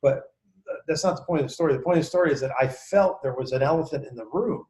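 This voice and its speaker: A man's voice: a little high, quick pace, a little mellow. Talkative man with a New York accent. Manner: talkative, acts out quotes in voices. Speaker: sales trainer. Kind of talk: casual storytelling to a group. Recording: roomy echo.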